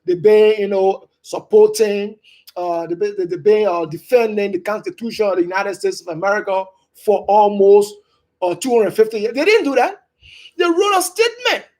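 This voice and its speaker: A political commentator and writer from Liberia, delivering emphatic opinion commentary with sharp upward stresses. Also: mid-range voice, moderate pace.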